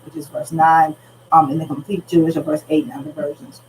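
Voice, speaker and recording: A woman's voice: low voice, flat delivery, brisk. A woman pastor teaching a Bible study in an earnest, conversational way, retelling scripture in everyday speech. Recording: slightly distant mic, faint background noise.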